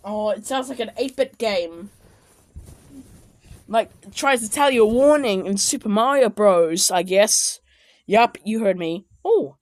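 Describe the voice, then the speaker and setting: A woman giving casual, excitable reaction commentary on animated clips, often exclaiming and shouting. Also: medium pitch, a little slow, no echo. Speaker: video commentator.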